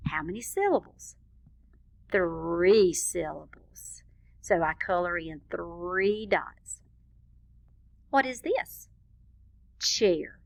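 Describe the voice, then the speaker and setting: A woman teacher leading a lesson for young children, speaking clearly and encouragingly and stretching out words as she claps them. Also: mid-range voice, fairly bright tone.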